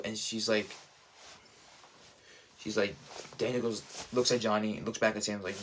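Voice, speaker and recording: A man giving a casual, excited recap as a reviewer, rambling and leaning on "like", "dude" and "bro". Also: fairly low pitch, moderate pace, pauses often, a little hiss or hum. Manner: enthusiastic, rambling, heavy use of "like", "dude" and "bro".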